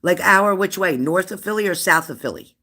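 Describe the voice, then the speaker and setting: A woman in her fifties hosting a live stream, chatting warmly and laughing as she reads out viewers' comments. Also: on the low side, animated, brisk. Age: 50s. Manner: chatty and affectionate, laughs often, answers comments aloud. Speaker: livestream host of a spirit-messages channel.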